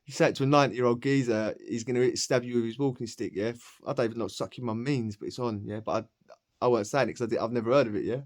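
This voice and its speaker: A man's voice: medium pitch, rapid-fire. A man from Essex with an Essex accent telling a story casually, full of slang, swearing and laughter. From Essex, England. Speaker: podcast storyteller.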